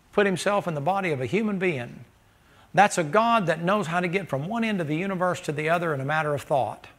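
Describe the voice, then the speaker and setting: A man preaching a sermon in a folksy, joking way, breaking into loud laughing bursts. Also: on the high side.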